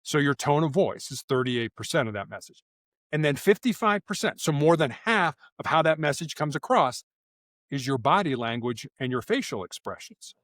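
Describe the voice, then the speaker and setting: Animated man telling stories. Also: a little high, normal speed, no echo, studio quality. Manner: animated, acts out quoted lines in character voices. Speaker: guest, former SWAT officer. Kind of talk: storytelling interview answers.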